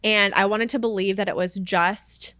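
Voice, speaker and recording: A woman's voice: mid-range voice, moderate pace, no echo. Young woman, chatty storyteller, plain mid voice, dry close sound. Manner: animated storyteller, acts out voices, many "like" fillers. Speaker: guest telling a story. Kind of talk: casual chat.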